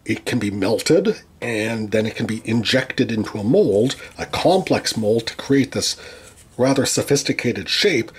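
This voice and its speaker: Man, tool reviewer, slightly husky, lively pitch, dry humor, stumbles and restarts. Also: a little slow. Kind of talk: voice-over narration of a teardown.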